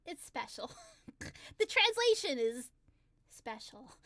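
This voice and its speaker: A young woman chatting on a livestream, excitable and giggly, gushing about songwriting. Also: sits high, normal speed, no room sound. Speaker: singer-songwriter streamer. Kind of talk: casual livestream chat.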